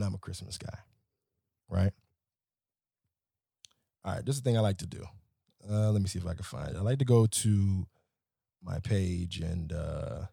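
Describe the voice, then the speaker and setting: A man rants for laughs in an exasperated, swearing voice that leaps high and then drops low. His delivery is dry and close. He sounds worked up and animated throughout. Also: vocal fry, no echo. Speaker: nightlife promoter. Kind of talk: comedic rant.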